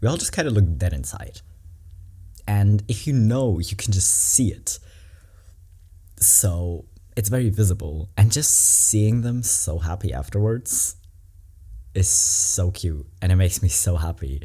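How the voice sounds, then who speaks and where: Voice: low-pitched, animated, measured pace, warm tone, husky. A reaction vlogger in casual commentary, candid and rambling, with emotional asides.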